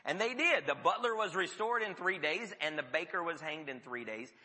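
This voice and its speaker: A male preacher with a fairly high, very bright, cutting voice that carries through a reverberant hall. He preaches in a storytelling way and drops to hushed tones for emphasis. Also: expressive, normal speed. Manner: storytelling with sudden drops to a near whisper. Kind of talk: sermon.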